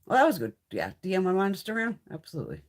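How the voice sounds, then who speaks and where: A middle-aged woman talks off the cuff to her live-stream viewers, swearing freely and playing out both sides of remembered conversations. Her voice swings widely in pitch and carries a slightly husky, breathy edge. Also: very fast. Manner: swears constantly, chatty and animated, acts out quoted exchanges. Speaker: beauty vlogger chatting with live viewers. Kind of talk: casual live-stream chat.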